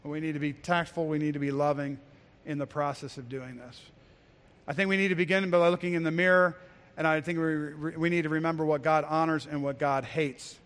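A man's voice: fairly high pitch, level tone, fairly quick, a bit bright. A man preaching a sermon as a pastor, earnest and exhortative, with frequent restarts and emphatic repetition. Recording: long hall reverb.

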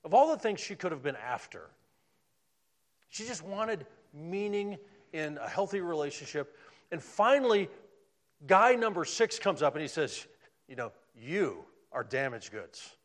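A man preaching a sermon, swinging from loud emphatic lines down to hushed, almost whispered ones. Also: fairly high pitch, big pitch swings, measured pace.

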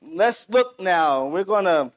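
A man preaching a sermon in church, opening with a prayer and speaking slowly and deliberately, then building to emphatic peaks. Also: sits high, lively intonation.

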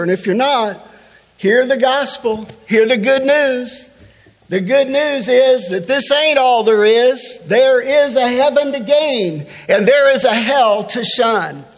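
A man's voice: extremely high pitch, long reverb tail. A man preaching a sermon, building emphasis and reading scripture aloud. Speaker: pastor.

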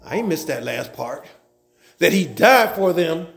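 A man preaching a sermon, telling Bible stories in a lively, folksy and humorous way. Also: on the high side, measured pace, vocal fry. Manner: animated, folksy storytelling with humor. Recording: roomy echo.

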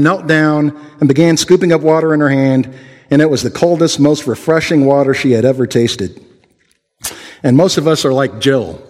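A man preaching a sermon and leading prayer in an earnest way, often restarting his words and using fillers. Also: a little high. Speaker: pastor. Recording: long hall reverb.

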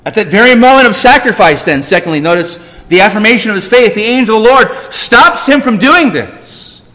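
High, lively preacher in echoing church. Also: male voice, a little fast. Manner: emphatic, repeats phrases, questions the congregation. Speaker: pastor. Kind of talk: sermon.

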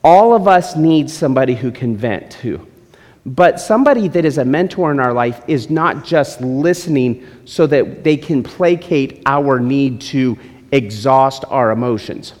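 A man's voice: medium pitch, lively intonation, normal speed, a little mellow. A male pastor preaching a sermon, teasing and joking with his congregation between points. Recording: long hall reverb.

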